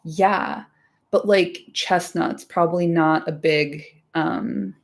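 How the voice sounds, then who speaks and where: A woman's voice: lowish voice, fairly even intonation, slow, vocal fry. A woman hosting a casual livestream chat, chatty and laughing often, with lots of "like" and casual swearing. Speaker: podcast host.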